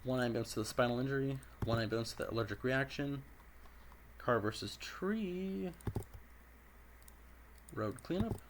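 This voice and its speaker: Raspy man narrating a dispatch game. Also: medium pitch, normal speed, long pauses, slight background noise. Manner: frequent throat clearing; steady, methodical narration of each call. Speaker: game commentator. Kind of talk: casual gameplay commentary. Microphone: personal desk microphone.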